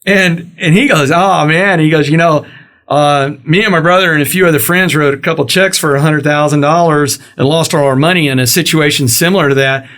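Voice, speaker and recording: Animated storytelling man, fairly high voice. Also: fairly quick. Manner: animated storyteller, acts out quoted dialogue. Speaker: podcast host. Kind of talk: casual storytelling interview.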